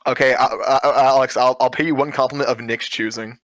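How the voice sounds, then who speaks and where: A man's voice: medium pitch, fairly even intonation, quick pace, fairly bright tone. A man joking and bargaining with his friends in casual chat before a tabletop game. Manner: joking, bargaining, swears freely. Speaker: player.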